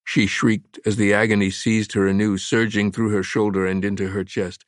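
A man narrating a thriller audiobook in a measured, dramatic way. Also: fairly low pitch, flat delivery, no echo, clean studio sound. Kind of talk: scripted narration.

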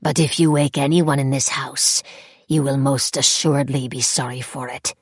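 A woman voicing a harsh-voiced faerie intruder with a strange accent, speaking slowly and low in a menacing storybook reading. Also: steady tone, slightly rough, dry recording, clean studio sound. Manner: slow, low menacing threat.

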